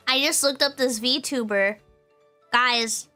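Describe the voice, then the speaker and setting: Bright, lively young woman streamer with a giggly, animated voice. Faint music plays behind her. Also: high voice, measured pace. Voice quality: giggly, bubbly. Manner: animated, playful, often breaking into laughter. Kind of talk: casual chat reading viewer comments.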